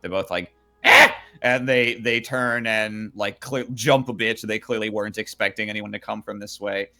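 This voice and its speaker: A young man running a tabletop game as game master, narrating in a relaxed, hesitant way full of fillers. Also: lowish voice, normal speed.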